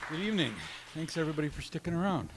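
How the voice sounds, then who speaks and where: A man introducing his songs at an open mic, soft-spoken and halting, pausing often, speaking into a stage microphone. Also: a little high, lively intonation, crowd noise, noisy background. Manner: soft-spoken, halting, with many pauses and fillers. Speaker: singer-songwriter performing at an open mic. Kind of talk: casual stage talk between songs. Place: small arts venue stage, indoors. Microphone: stand microphone on stage. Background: guitar playing.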